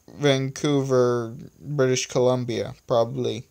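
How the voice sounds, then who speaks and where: A man's voice: medium pitch, fairly even intonation, normal speed. A man reading his own story aloud and rambling in casual asides, recorded on a phone. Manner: rambling, self-correcting asides.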